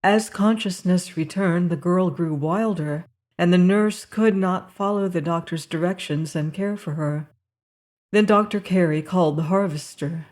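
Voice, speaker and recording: A woman narrating a novel aloud in a calm, measured storytelling manner. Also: on the low side. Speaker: audiobook narrator. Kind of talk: scripted narration.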